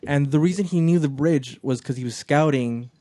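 A man's voice: fairly high pitch, moderate pace, no echo. A man hosting a casual movie chat, rambling with frequent restarts and fillers, recorded in a small office. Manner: relaxed, rambling with many restarts.

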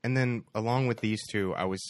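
A man's voice: fairly low pitch, steady tone, a little fast, dry recording. A man co-hosting a podcast, chatting casually with friends about films, laughing and trailing off between thoughts. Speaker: podcast co-host. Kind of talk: casual chat among friends.

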